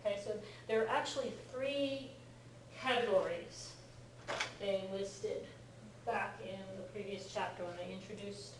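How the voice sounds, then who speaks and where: A middle-aged Japanese language teacher lectures her class patiently, explaining things and frequently pausing to check that her students are following. Her voice is at an ordinary female pitch. The mic is distant, so she sounds far off in an echoey classroom with faint room noise behind her.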